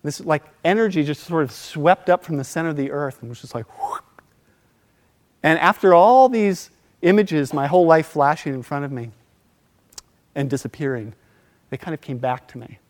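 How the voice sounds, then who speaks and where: A middle-aged man telling a personal story in a relaxed, casual way, acting out quoted voices and laughing between lines. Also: fairly high pitch, normal speed, long pauses.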